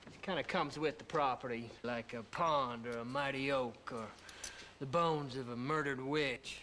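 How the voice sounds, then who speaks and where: An actor playing a flirty, joking male farm handyman in a sitcom, with a smooth, teasing delivery. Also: mid-range voice, unhurried, sharp tone, slight background noise. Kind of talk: sitcom acting.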